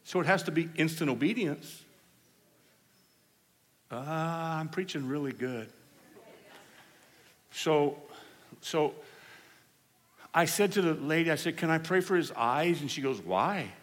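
A man preaching a sermon, telling healing stories in an animated way and acting out the people he quotes. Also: on the high side, a little slow, pauses often. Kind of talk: storytelling sermon. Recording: hall reverb.

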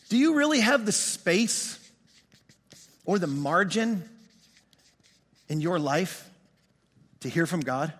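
A middle-aged man, a pastor, preaching a sermon with animated, self-mocking storytelling that acts out both sides of a conversation. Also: high-pitched. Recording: long hall reverb.

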